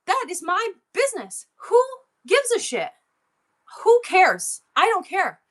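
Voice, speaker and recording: A woman's voice: very high voice, huge pitch swings, takes it slowly. A middle-aged woman hosting a livestream sale, talking in a worked-up, rambling and emotional way. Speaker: livestream seller. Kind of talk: casual livestream chat.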